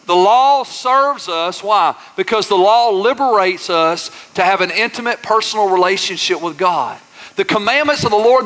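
Brief: male pastor, bright high voice, call-and-response preaching, long church-hall reverb. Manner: folksy, says y'all. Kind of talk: sermon.

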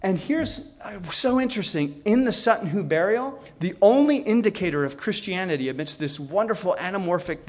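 A man lecturing on history, telling the story with energy and acting out the quoted lines. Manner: storytelling, acts out quotes with shifts in pitch.

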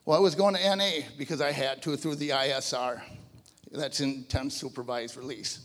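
A man in his fifties giving a personal testimony to a church audience, telling his story in an animated, conversational way. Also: mid-range voice, moderate pace, long reverb tail. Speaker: guest speaker giving a testimony. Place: large church hall before a live audience.

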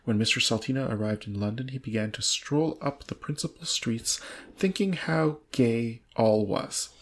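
A man's voice: mid-range voice, moderate pace. A man reading an old book aloud, stumbling over words and laughing at the text. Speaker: reader.

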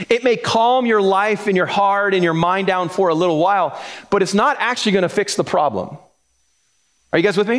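A man preaching in a relaxed, conversational way, his voice sitting a bit higher than most men's. He acts out quoted voices as he goes and repeats words while building to a point. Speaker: pastor. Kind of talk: sermon.

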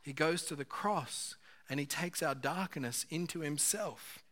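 A man's voice: on the high side, unhurried, a bit bright. A man, a pastor, giving an earnest, conversational sermon with occasional fillers.

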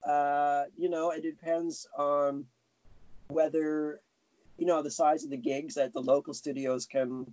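A man's voice: fairly high pitch, flat delivery, a little slow, darkish tone, dry recording. A man being interviewed, chatting casually with lots of restarts. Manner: rambling, self-correcting, chuckling. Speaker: guest animator. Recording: dull lo-fi sound.

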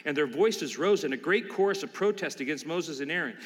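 A man's voice: fairly high pitch, animated, fairly quick, few pauses, in a large hall. A man preaching a sermon, emphatic and questioning his listeners as he reads and explains scripture. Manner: emphatic, asks the congregation questions. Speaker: pastor.

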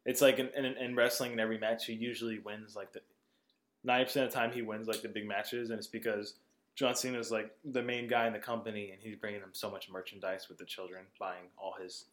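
A man's voice: lowish voice, little pitch movement, quick pace, echoey room, a little hiss or hum. A man co-hosting a podcast, chatting casually about a movie, filling his talk with "like" and laughing often. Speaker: podcast co-host. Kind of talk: casual movie review chat.

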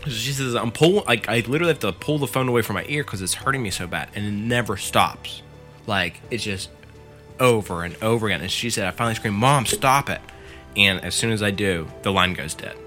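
A man's voice: on the low side, quick pace, pushed and bright, soft background music. A man casually retelling a scary story on a podcast, full of fillers and quoting the teller. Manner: filler-heavy, lots of "like", quotes the storyteller.

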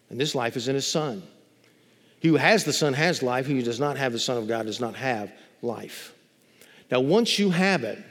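Speaking at medium pitch, a man delivers a sermon as pastor in a church sanctuary where his voice leaves a long reverb tail. His preaching is emphatic and drawn out, stretching important words and climbing in intensity through repeated phrases.

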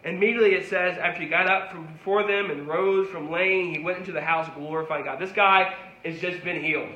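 A man's voice: high-pitched, fairly even intonation, fairly quick, roomy sound, highs cut off. A man preaching a sermon as a pastor, conversational and rising to emphatic peaks.

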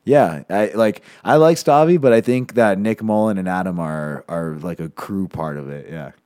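Man, low voice, mellow, laid-back casual chat, dry close sound. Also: normal speed, dry recording. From Hispanic family, US. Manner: laid-back, laughs often, drifts quieter at sentence ends.

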